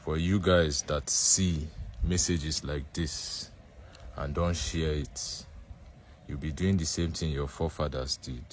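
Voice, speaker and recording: A man from Benue State with a Nigerian accent, making an earnest, measured social media appeal. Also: very deep voice, steady tone, slight background noise.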